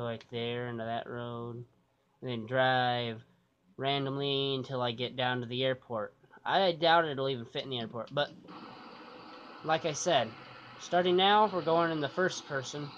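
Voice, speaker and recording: A man's voice: medium pitch, a bit bright. A man giving loose, rambling gameplay commentary, cursing casually and thinking aloud. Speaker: gaming YouTuber. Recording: dull lo-fi sound with clear noise.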